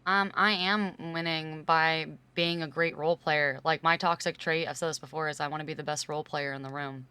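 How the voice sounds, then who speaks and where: Low, forceful woman streamer. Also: fairly even intonation, normal speed, few pauses, smooth, no echo. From California. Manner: rambling, heavy use of "like", emphatic when arguing. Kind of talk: casual chat with viewers.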